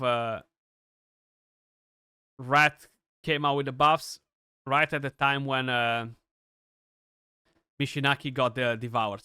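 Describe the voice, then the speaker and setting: A young man giving chatty, excitable live commentary on his gameplay, with many restarts and fillers. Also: medium pitch, clear, resonant tone, dry recording, clean studio sound. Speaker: gaming streamer.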